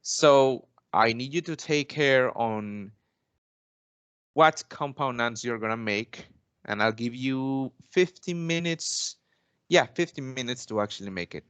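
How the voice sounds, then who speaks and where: A young man plays the teacher in an English lesson role-play. His pitch is average for a man, and his phrasing is formal and polite, padded with "actually" and restarts. The sound is dry and close, with almost no room echo. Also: a little slow, fairly bright tone, clear, resonant tone. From Mexico. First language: Spanish. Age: young adult.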